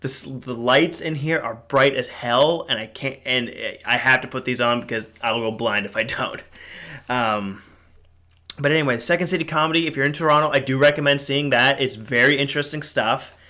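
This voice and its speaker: A man's voice: mid-range voice, normal speed, sharp tone. A young man hosting a casual solo podcast, telling a rambling story with lots of fillers and swearing. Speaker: podcast host. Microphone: podcast mic.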